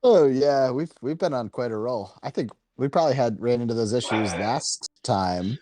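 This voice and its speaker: A man co-hosting a casual podcast, teasing the others and quick to joke. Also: medium pitch, dark tone, no room sound. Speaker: podcast co-host.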